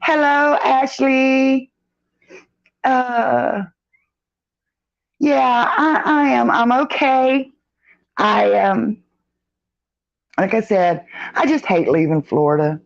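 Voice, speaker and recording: A middle-aged woman chats casually on a live stream, reading out the live chat and greeting viewers by name in a folksy, drawn-out manner. Her voice is fairly high and gravelly, and the recording is muffled.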